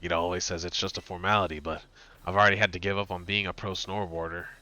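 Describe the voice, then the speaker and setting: A man reading the lines of an aloof young male snowboarder gym leader from a video game, quiet, flat and brooding. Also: low-pitched, fast, pitched below the performer's own voice. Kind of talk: reading game dialogue aloud.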